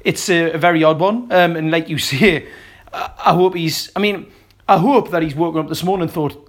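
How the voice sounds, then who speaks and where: A man's voice: on the high side, a little fast. A man appearing as a guest on a casual football podcast, ranting scornfully and swearing a lot.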